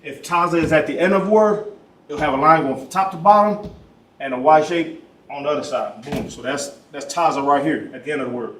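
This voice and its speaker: A man teaching a class in a casual way, often saying boom and trailing off quietly. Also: fairly quick, a little hiss or hum. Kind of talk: casual classroom letter lesson. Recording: echoey room, mic at a distance.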